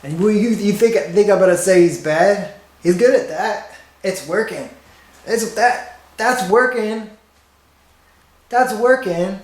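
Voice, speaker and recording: A man's voice: sits high, slow, pauses often, pitched above the performer's own voice. A man voicing a blustering male president impression who keeps repeating himself. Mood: insistent. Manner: rambling, repeating itself insistently. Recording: roomy echo.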